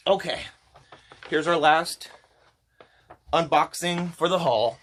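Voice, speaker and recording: A man chatting to camera as he shows off a shopping haul, enthusiastic and gushing, his voice getting hoarse. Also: fairly high pitch, animated, slow, long pauses, a bit bright. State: voice going hoarse. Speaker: vlogger showing a shopping haul. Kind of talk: casual chat to camera.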